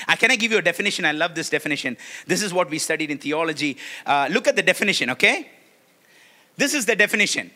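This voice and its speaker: A man's voice: a little high, animated, fast talker, pushed and bright. A man preaching a sermon to a congregation in a church, leading call-and-response and laughing often.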